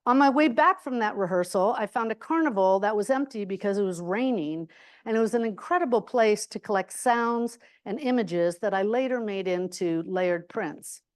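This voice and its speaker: A woman speaking at a university forum, reflective and expressive, with a pitch sitting right in the middle of her range. She tells her stories with lively emphasis and now and then bursts into exclamations. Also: normal speed. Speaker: guest speaker.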